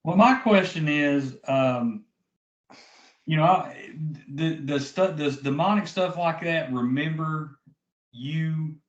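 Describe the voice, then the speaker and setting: A man co-hosting a casual chat, asking a question in a halting, hesitant way. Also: fairly high pitch. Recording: roomy, dull, from off-mic.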